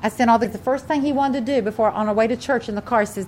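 This older pastor, a grandmother, races through a fervent sermon in a fairly high, darkish voice, relating a family tale to her flock with mounting emphasis. Slight background noise is present.

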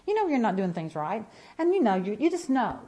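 A woman's voice: fairly high pitch, very animated, brisk, dark tone. Emphatic woman sharing a church testimony. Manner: emphatic, repeating phrases, vivid storytelling. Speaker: speaker giving a testimony.

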